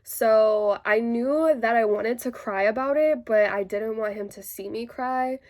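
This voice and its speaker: A woman with a slightly high voice tells a personal story straight to her viewers. She talks casually and chattily, with plenty of "like" fillers. An indignant edge runs through the retelling. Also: unhurried, darkish tone. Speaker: vlogger telling a personal story.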